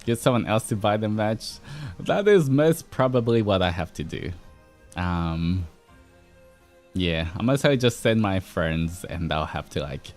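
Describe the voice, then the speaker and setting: A man's voice: sits low, expressive, unhurried, faint music behind. A man with an Australian accent chatting casually with viewers on a stream, playful and laughing often.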